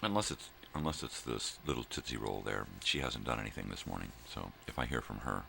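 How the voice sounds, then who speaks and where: A man's voice: very deep voice, expressive, brisk, gravelly, sharp tone, slight background noise. An older man rambling casually to viewers from home in the early morning, profane and drifting between thoughts. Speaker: daily vlog host.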